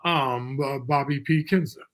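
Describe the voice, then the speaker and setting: A man's voice: medium pitch, a little slow. A man hosting a casual live-stream talk show from a remote virtual studio, chatty and loose with folksy asides.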